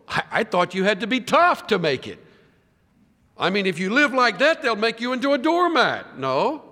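Male pastor, dramatic dynamics, slightly high voice, reverberant hall sound. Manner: dramatic swings from loud to hushed. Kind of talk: sermon.

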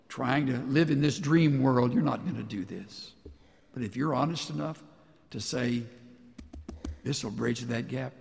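Gravelly-voiced man preaching in a hall. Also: mid-range voice. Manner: earnest, swinging between soft hushed lines and raised emphatic ones. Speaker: pastor. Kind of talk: sermon.

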